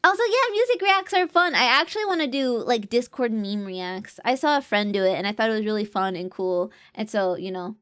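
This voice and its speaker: A woman's voice: fairly high pitch, brisk, few pauses, a bit bright, clean tone. A young woman streamer chatting casually and reading out viewer comments, playful and jokey and often laughing. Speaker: VTuber streamer.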